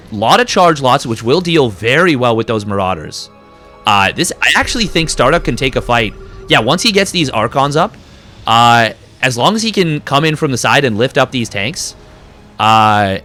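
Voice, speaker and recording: Bright-voiced excitable male game caster. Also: medium pitch. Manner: excitable, rising to quick bursts during fights. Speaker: esports caster. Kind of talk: live game commentary.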